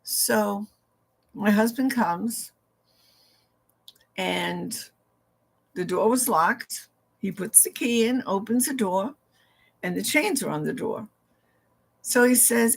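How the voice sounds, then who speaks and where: A woman's voice: medium pitch, lively intonation, takes it slowly, creaky, pauses often, breathy edge. A woman telling a personal ghost story in a casual way, acting out the back-and-forth with "he goes" and "I said.". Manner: acts out dialogue with "he goes, I said" asides.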